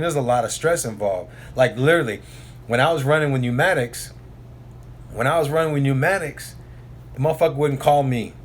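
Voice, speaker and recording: A man's voice: medium pitch, a little hiss or hum. A man who drives oilfield trucks tells a rambling, profane story in a casual vlog, repeating himself and filling the gaps with asides.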